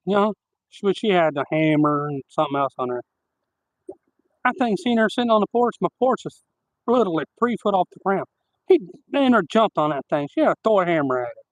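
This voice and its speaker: A man telling rambling, animated stories on a live stream, outdoors at night. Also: high-pitched, normal speed, long pauses, dry recording, poor audio. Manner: rambling, animated anecdotes with laughter. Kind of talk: casual outdoor storytelling.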